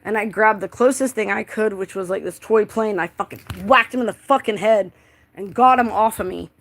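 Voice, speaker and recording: A woman's voice: mid-range voice, normal speed, gravelly. A young woman telling a personal story in a casual, rambling way, full of filler words and swearing.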